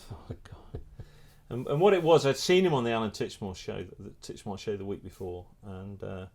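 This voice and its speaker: A middle-aged man, a photographer and filmmaker, telling a lively anecdote in a casual interview, restarting his sentences often. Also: fairly low pitch, normal speed. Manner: animated storyteller, many restarts.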